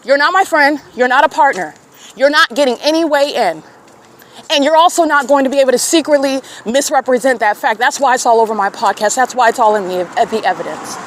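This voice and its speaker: A woman's voice: high voice, a little fast. A woman podcaster delivering a scornful, accusatory monologue outdoors in an urban square. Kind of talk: confrontational monologue. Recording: clear traffic noise outdoors.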